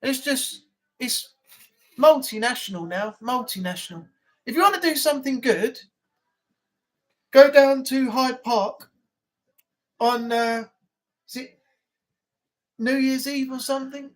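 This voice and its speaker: A man's voice: very high-pitched, unhurried, pauses often. A man with an English accent hosting a casual live chat, telling stories in a rambling, blunt way.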